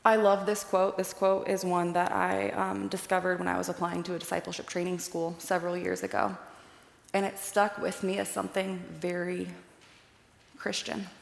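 A woman's voice: fairly low pitch, moderate pace, gravelly. Chatty young woman in echoey hall. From Iowa. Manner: chatty, animated storyteller. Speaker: speaker giving a faith talk. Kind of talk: personal storytelling talk with slides. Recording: echoey hall with long reverb.

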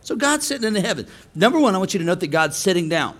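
A man preaching a comedic sermon to a live congregation, often shouting and mock-singing. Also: high voice, very fast. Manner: animated, shouting, mock-singing and laughing between lines. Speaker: pastor. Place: church hall with a live congregation.

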